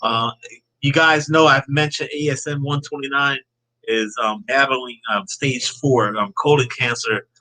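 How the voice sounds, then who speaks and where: A man's voice: medium pitch, steady tone, a little slow, sharp tone, poor audio. A man hosting a casual live-stream podcast chat, upbeat and reading out viewer comments. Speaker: podcast host.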